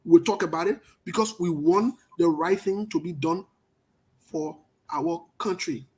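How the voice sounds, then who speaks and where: A man with a Liberian accent giving emphatic political commentary, talking loudly and repeating his points. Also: fairly high pitch, measured pace. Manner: forceful, emphatic, repetitive, passionate.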